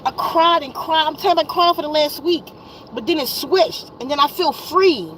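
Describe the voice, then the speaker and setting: A wellness vlogger in her fifties vents to her viewers in a high, fairly bright voice at normal speed, on poor audio with slight background noise. Weary and exasperated, she's blunt and profane and often repeats herself.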